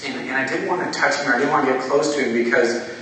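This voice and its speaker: A man preaching a conversational sermon, moving between casual storytelling, impassioned pleas and quiet prayer. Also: medium pitch, quick pace, a little hiss or hum. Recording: echoey hall, distant mic, faint ambience.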